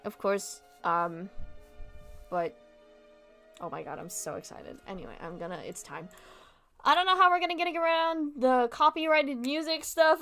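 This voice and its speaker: Young woman streamer with a slightly high voice, bubbly and gushing, cusses freely, faint music underneath. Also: smooth. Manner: excitable, gushing, swears casually. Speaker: game streamer. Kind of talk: live game stream chat.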